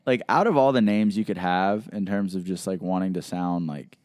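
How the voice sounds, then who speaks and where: A man's voice: deep voice, normal speed, a little mellow, no echo. Joking young man, dry close mic. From West Virginia. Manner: joking, laughs often, does voices when quoting. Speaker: podcast co-host. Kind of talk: casual chat.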